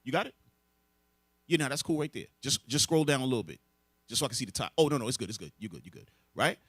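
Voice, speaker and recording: A man's voice: mid-range voice, sing-song, rapid-fire, a bit bright, no echo. A man preaching a lesson to a group, emphatic and full of rhetorical questions. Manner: emphatic, asks rhetorical questions and answers them. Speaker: religious teacher.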